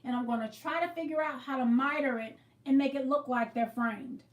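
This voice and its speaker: A woman's voice: high-pitched, brisk, roomy sound, recorded from a distance. Chatty woman livestreaming her quilting. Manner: chatty, greets viewers by name, explains as she works. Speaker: livestream host. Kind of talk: casual livestream chat while quilting.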